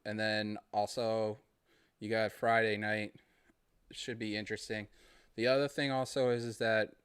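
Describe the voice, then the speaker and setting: A man with a Boston accent rambles through a casual solo podcast in a friendly, easygoing way. His voice sits somewhat low and comes through smooth and clear. The recording is dry and close, with no room sound. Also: dry recording. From Massachusetts. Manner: rambling, friendly, laughs between thoughts. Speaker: podcast host.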